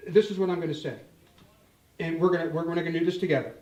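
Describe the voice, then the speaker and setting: Speaking at a quick pace, an older man leads a live guitar demo for an audience in a store event room, joking and talking straight to the crowd with animation. His voice runs a bit high for a man, and the far-off mic gives a roomy echo.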